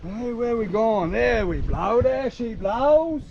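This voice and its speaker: An Australian man hosting a fishing vlog from a small boat, chatting casually in an excitable, drawling, folksy way. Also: extremely high pitch, slow pace, vocal fry, highs cut off, a little hiss or hum. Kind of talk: casual outdoor vlog commentary. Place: small boat on open water.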